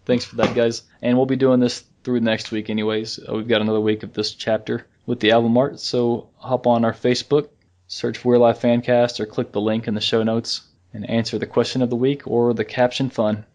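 A man co-hosting a casual fan podcast, rambling in a relaxed way, with restarts and chuckles. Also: medium pitch, a little fast. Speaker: podcast co-host.

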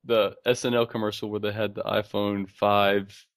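Monotone podcast co-host, dry room. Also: male voice, on the low side, normal speed, vocal fry, no room sound. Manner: self-described monotone, laughs often. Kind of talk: casual chat.

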